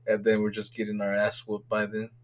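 A man co-hosting a casual sports podcast, rambling and swearing excitably as he rants about his team's games. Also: lowish voice, brisk. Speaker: podcast co-host.

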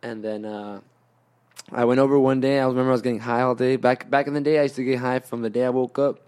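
A man's voice: mid-range voice, fairly even intonation, fast, darkish tone, clean tone. A young man telling a long story in casual chat, slangy and profane, with lots of restarts. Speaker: podcast guest telling a story.

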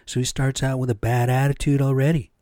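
A man's voice: medium pitch, little pitch movement, fairly quick, mellow, dry recording, clean studio sound. A middle-aged man hosting his own podcast on a cheap home setup, rambling and swearing freely while asking rhetorical questions. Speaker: podcast host. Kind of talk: casual solo podcast rant.

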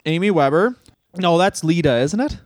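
A man's voice: fairly high pitch, animated, normal speed, darkish tone, dry recording, studio quality. A man in his thirties co-hosting a podcast, talking in a crude, rambling, self-mocking way. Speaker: podcast co-host. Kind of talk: casual comedic chat.

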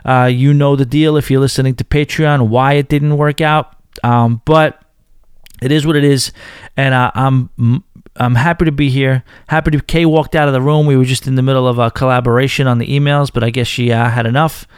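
A man's voice: medium pitch, fairly even intonation, fairly quick, smooth, dry recording, clean studio sound. A man with a Northern New York accent hosting a podcast, chatting casually and reading listener emails with frequent asides. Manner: chatty, self-deprecating, interrupts emails with asides. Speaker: podcast host.

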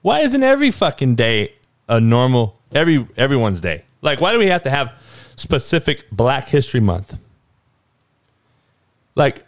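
A man hosting a podcast, ranting with a steady stream of profanity. His voice sits at an ordinary middle pitch, and he drops into low mutters before flaring up loud. The sound is dry and close. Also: normal speed, no room sound. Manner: heavy swearing, swings from muttering to loud outbursts. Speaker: podcast host. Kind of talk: profane sports and news rant.

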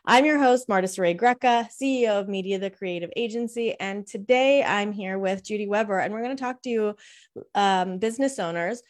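A woman's voice: mid-range voice, fairly quick. A woman hosting a live show, introducing her guest in an upbeat, eager way. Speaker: host.

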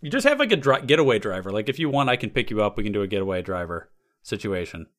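A man's voice: fairly low pitch, very animated, fast talker, fairly bright tone. A man co-hosting a podcast in casual comedic chat, riffing on ideas and laughing often. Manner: playful, laughs often, riffs on bits. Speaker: podcast co-host.

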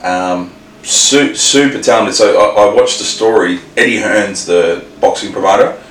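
A very deep-voiced Australian man rambles through a casual podcast chat, full of swearing and restarts. He sits well back from the mic in a roomy space. A faint hiss sits under his voice. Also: unhurried, a bit bright, recorded from a distance. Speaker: podcast co-host.

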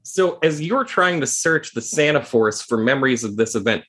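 A man's voice: mid-range voice, normal speed. Man narrating as game master. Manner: descriptive, steady narration with laughs.

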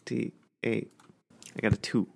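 A player in a tabletop game who tells deadpan jokes and swears. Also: unhurried.

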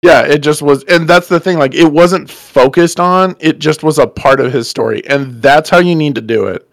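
A man's voice: a little high, moderate pace, vocal fry, no room sound. A man co-hosting a casual movie review podcast, laid-back and agreeable, swearing casually. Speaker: podcast co-host.

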